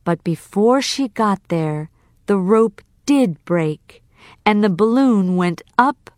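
Very slow, expressive woman storyteller. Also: medium pitch, no echo, studio quality. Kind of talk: storybook narration for learners.

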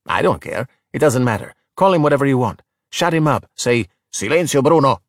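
A man's voice: mid-range voice, animated, fairly quick, no echo, studio quality, natural voice. A man voicing a bold, cocky young sea-monster boy who talks with breezy confidence, in a storybook reading. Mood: bossy.

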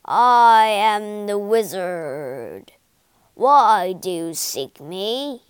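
Woman doing a croaky, sheepish little old wizard. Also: mid-range voice, lively intonation, drawn-out words, no room sound. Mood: booming. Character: little old man, timid fake wizard.

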